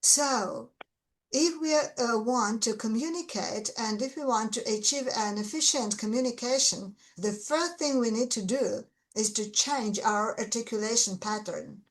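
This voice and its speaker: A woman's voice: fairly high pitch, measured pace, low-quality recording. A Russian-accented woman, an English teacher, explaining things earnestly and stressing her key words in casual conversation.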